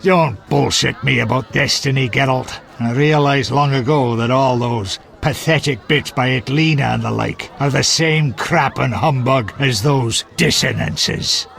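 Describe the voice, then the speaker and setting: A man's voice: mid-range voice, a little slow, hardly any pauses, fairly bright tone. A man voicing a blunt, coarse male dwarf drinking companion in a video game. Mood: scornful. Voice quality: gravelly.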